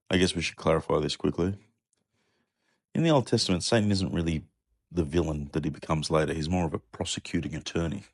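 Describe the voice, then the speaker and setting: This is a man with a lowish voice, recorded dry and close. He narrates with sarcastic, sweary humour and keeps switching into loud, high-pitched character voices. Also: no echo. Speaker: comedy podcast narrator. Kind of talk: irreverent comic retelling.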